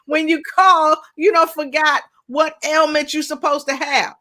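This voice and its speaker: Female talk show host, lively and playful, slightly high voice, addresses the audience directly. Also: unhurried. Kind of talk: live online interview show.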